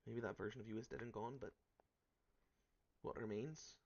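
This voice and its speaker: A fierce, loyal woman sworn to guard her friend, as a man puts her on, with a Russian accent and a low voice. She talks earnestly and insists on her point, her tone gravelly with fry. The audio is dull and lo-fi. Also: fairly even intonation, moderate pace, a little mellow. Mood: defiant. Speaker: tabletop player. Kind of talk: in-character roleplay.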